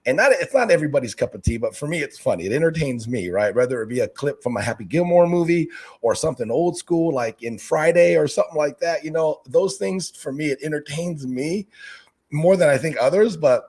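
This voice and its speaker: A middle-aged man, a fish-keeping video maker and basketball coach, chatting as a guest in an interview, energetic and talkative, acting out what people say to him. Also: on the high side, brisk, husky. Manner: energetic, talkative, acts out quoted exchanges. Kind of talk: casual interview chat.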